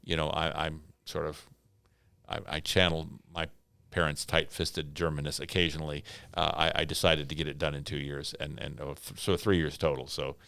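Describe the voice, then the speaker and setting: Old guy w a really low gravelly voice, rambly, lots of uh and repeats, dry close sound. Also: little pitch movement, normal speed, fairly bright tone, no room sound. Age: older. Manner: rambling, many repeated words and fillers, chuckling asides. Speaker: retiring pastor, podcast guest. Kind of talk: casual reminiscing chat.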